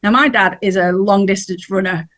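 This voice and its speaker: A woman's voice: mid-range voice, fairly even intonation, moderate pace, a bit bright. Chatty woman storyteller. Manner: chatty, laughs while telling stories. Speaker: podcast guest. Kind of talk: casual storytelling.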